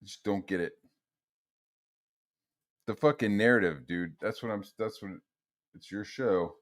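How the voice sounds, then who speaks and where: A man's voice: fairly low pitch, a little slow. Man ranting profanely, mocking and heated. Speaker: streamer. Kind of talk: profane rant.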